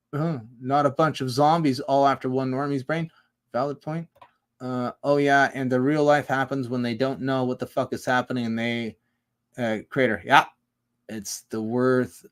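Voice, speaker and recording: A man's voice: medium pitch, clear, resonant tone. Man, livestream host, casual chat, rambling, profane, reacting to chat.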